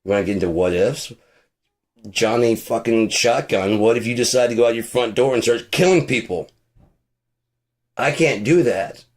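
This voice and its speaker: On his own show, a man with a medium-pitched voice rambles through a casual rant at a moderate pace, pausing often. He's sarcastic and swears constantly.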